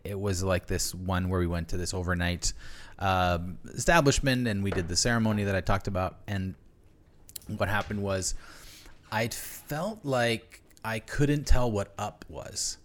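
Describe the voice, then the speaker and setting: Male podcast guest, lowish voice, meandering storyteller, lots of restarts. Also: moderate pace. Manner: rambling, many restarts and fillers. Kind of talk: casual storytelling.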